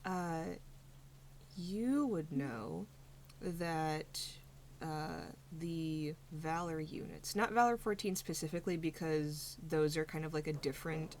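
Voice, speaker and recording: Slow, hesitant woman game master. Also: low-pitched, a little mellow, slight background noise. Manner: slow, hesitant with many fillers. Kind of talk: narrating a tabletop game.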